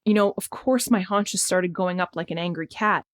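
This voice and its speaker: A middle-aged woman physician, a podcast guest, talking in a reflective, animated storytelling way with occasional laughs. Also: lowish voice, normal speed. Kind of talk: casual conversation.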